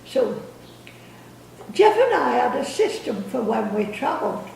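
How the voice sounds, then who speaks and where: A woman's voice: on the high side, big pitch swings, unhurried, creaky, a little mellow, a little hiss or hum. An older woman telling rambling family stories, repeating words and laughing as she goes. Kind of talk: casual storytelling. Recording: echoey room, distant mic.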